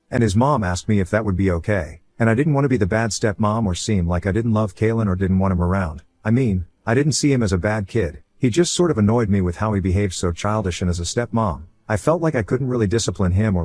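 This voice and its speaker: A man with a fairly low voice reads a first-person online story aloud. His delivery is casual and conversational, like someone recounting events to a friend. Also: a little mellow. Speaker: story narrator.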